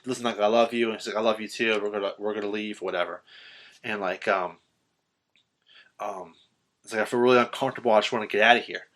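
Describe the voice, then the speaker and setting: A man co-hosting a podcast, casually recapping a film in a profane, animated way and acting out quotes with sudden shouts. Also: on the low side, fast talker, pauses often. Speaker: podcast co-host.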